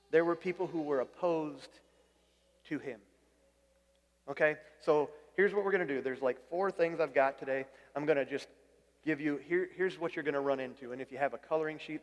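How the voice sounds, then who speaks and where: A man's voice: medium pitch, big-room sound. A man preaching a conversational sermon as pastor, often restarting his phrases and putting questions to the congregation. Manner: conversational, repeats words when restarting, asks the room questions.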